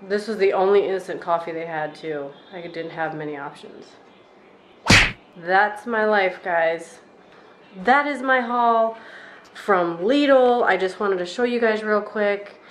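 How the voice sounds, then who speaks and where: A woman's voice: medium pitch, a little hiss or hum. A woman vlogger chatting casually and wryly from her home kitchen about her errands and chores. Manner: chatty, wry and exasperated. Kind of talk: casual vlog chat.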